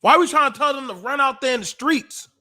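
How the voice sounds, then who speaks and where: A high-pitched man, speaking on a livestream. He lectures with deep emotion and a preacher's rhythm, pushing his voice up into shouts. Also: fairly quick. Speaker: podcast host. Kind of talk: impassioned livestream monologue.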